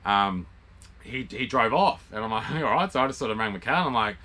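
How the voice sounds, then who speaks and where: A young Australian man casually telling a story, acting out the dialogue with lively, animated quoting. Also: on the low side, fairly quick. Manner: animated retelling with quoted dialogue and laughs. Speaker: vlog co-host.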